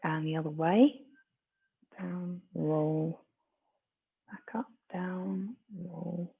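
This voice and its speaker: A stretching instructor leads a class in a gentle, encouraging way, with a gravelly edge to the voice. The recording sounds thin and tinny, like a phone line. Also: medium pitch, steady tone, very slow. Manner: gentle, encouraging, with light self-mocking asides.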